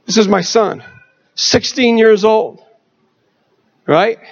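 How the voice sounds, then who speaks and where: A middle-aged man preaching a testimony sermon, swinging from shouted exhortation to hushed storytelling. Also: high-pitched, takes it slowly, gravelly, highs cut off.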